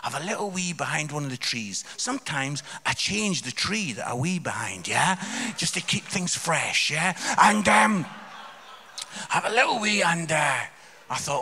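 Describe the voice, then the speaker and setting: Gravelly, bright-voiced Scottish man telling stories. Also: moderate pace. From Scotland. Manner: animated, swings between loud outbursts and low asides. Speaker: comedian guest speaker. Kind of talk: live comic storytelling to a church congregation. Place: church hall before a live audience.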